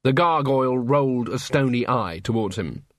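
Male audiobook narrator, measured, mid-pitched, dry studio sound. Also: expressive, no echo. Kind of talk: scripted narration.

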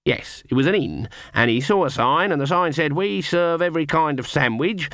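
A man's voice: on the high side, lively intonation, moderate pace, a bit bright, dry recording, clean studio sound, pitched above the performer's own voice. A man doing a haughty old witch. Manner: haughty and solemn. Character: stern, proud old witch woman.

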